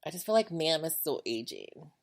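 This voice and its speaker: A woman with a notably deep speaking voice hosts her own podcast. She talks on her own in a loose, chatty way, candid and unguarded, often circling back and repeating a phrase before moving on. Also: very animated, moderate pace. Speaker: podcast host. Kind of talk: casual solo monologue.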